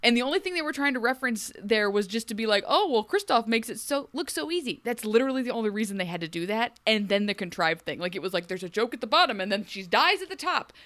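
A young woman talks through a TV episode in loose, lively podcast chat, breaking into quick character impressions. Her voice sits at an ordinary middle pitch, and the sound is dry and close to the mic. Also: no room sound. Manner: animated, acts out characters in quick asides. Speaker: podcast co-host. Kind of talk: casual chat recapping a TV show.

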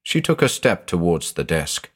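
Deep-voiced male storyteller, dramatic and lively. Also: normal speed, slightly rough. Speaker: narrator. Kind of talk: scripted audio-drama narration.

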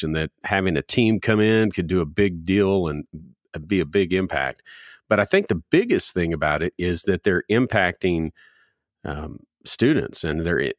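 A man's voice: deep voice, no room sound, studio quality. A man hosting a casual podcast, easygoing as he leads the discussion. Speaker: podcast host.

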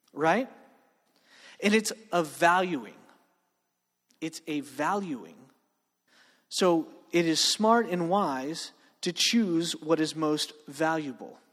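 A man preaching a sermon to students in a casual, joking way. He often asks "right?" and slows down to stress key words. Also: high voice, expressive. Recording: long reverb of a hall.

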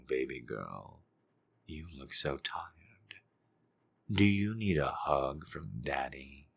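A man voicing a dominant, seductive grown man in a slow, breathy whispered role-play. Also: exaggerated voice. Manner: slow, low, breathy murmur.

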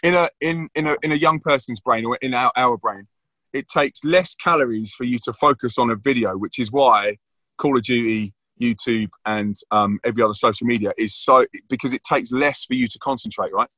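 A man talks over a video call, rattling along at a quick clip with a husky, bright edge. His earnest storytelling builds into preaching enthusiasm. The sound is close and dry, with no room around it. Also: mid-range voice, no room sound. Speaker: guest, youth speaker.

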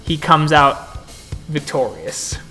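A man's voice: a little high, very animated, slow, bright, forceful tone, soft background music. A man narrating a tabletop role-playing game as storyteller, describing the action in vivid, gory detail.

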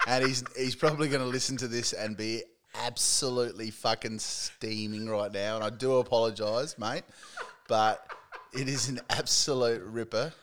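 A man's voice: mid-range voice, a bit bright. A man hosting a podcast, chatting in a laddish, swearing banter and laughing often. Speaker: podcast host. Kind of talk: casual chat.

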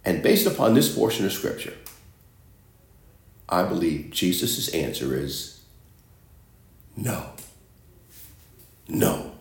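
A man's voice: low voice, big pitch swings, slow pace, creaky, pauses often. A man preaching a sermon, reading scripture and repeating phrases for emphasis. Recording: echoey room.

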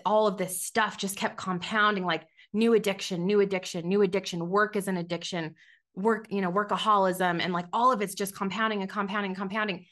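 Bright-voiced woman sharing a candid testimony. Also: fairly low pitch. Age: 30s. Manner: candid, conversational, with many fillers and restarts. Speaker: podcast guest. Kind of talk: personal testimony.

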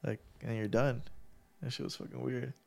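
A podcast co-host with a mid-range, creaky, slightly mellow voice talks at normal speed. Nose congested after surgery, he chats casually, telling a story, swearing freely and laughing often.

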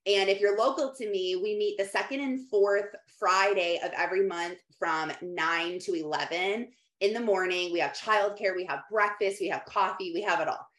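A woman's voice: medium pitch, moderate pace, a bit bright. A woman and mother who leads a church moms' group, talking candidly and practically about faith and parenting. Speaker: mom group leader. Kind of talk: casual faith talk to camera. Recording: echoey room.

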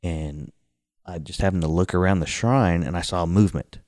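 A deep-voiced man, a guest, casually tells a spooky story at a brisk clip, acting out the scares with sudden high-pitched outbursts. The recording is dry and close.

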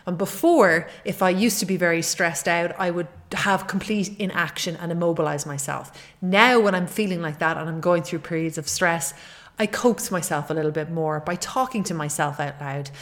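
A woman's voice: lowish voice, moderate pace. A middle-aged woman hosting a solo podcast as a fitness coach, talking in an earnest, encouraging way and often repeating her key points.

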